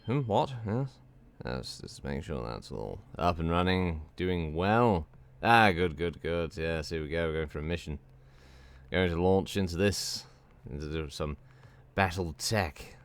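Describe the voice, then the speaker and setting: During a casual gameplay stream, a young man rambles and chats, repeating "yes" and "good" a lot with dry, self-mocking humour. His deep voice is expressive and moves at a measured pace.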